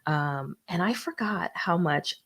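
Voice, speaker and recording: A woman's voice: lowish voice, lively intonation, takes it slowly, fairly bright tone. Laid-back, giggly woman comic. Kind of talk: stand-up set on a live stream.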